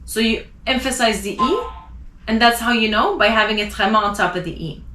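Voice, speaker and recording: A woman teaching French pronunciation, spelling out letters and slowly repeating example words. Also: on the high side, bright, forceful tone, reverberant.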